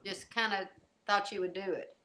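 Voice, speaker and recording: A woman's voice: mid-range voice, fairly even intonation, moderate pace, pushed and bright. A woman co-hosting a casual chat in a playful, teasing way. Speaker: co-host.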